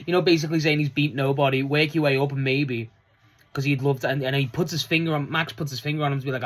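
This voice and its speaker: A wrestling fan reviewing last night's show in a loose, chatty vlog, swearing freely and laughing often, with the voice jumping up high when excited. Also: fast. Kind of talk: casual solo review vlog.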